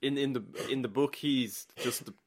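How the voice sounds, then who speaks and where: A man co-hosting a casual film chat, quickly chiming in with details and corrections. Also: medium pitch. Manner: quick interjector, chimes in with details. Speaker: podcast co-host.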